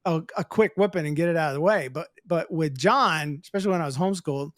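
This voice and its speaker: A man hosting a podcast, chatting casually, joking deadpan, and reading out a listener's story. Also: a little high, fast, no echo, studio quality. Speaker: podcast host.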